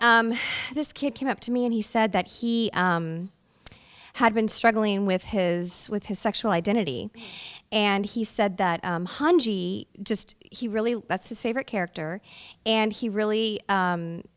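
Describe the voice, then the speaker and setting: A woman voice actress chats through a convention interview in a mid-pitched voice. Her answers wander and loop back, full of fillers and restarts. She stays animated and talkative throughout. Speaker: voice actress guest. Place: fan convention.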